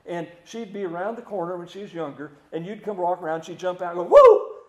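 Man, high voice, folksy sermon, stumbles and repeats words, echoey church. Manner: folksy, repeats words, drops to slow hushed emphasis. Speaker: preacher.

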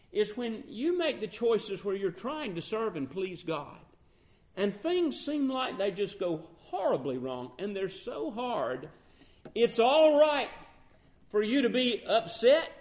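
Man preaching a sermon, high-pitched, very animated delivery, acts out Bible voices. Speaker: pastor.

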